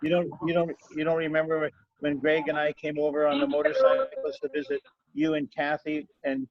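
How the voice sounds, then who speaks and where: A man's voice: fairly high pitch, brisk. An older man telling a family story and a joke in a rambling, repetitive way on a video call. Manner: rambling, repeats himself while telling a joke. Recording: muffled video call audio.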